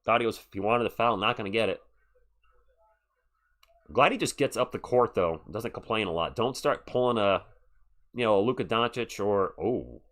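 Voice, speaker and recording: A man's voice: lowish voice, expressive, normal speed, long pauses, fairly bright tone. A man calling live play-by-play on a stream, chatty and answering viewers between calls. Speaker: live stream sports commentator. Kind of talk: live play-by-play and chat reactions.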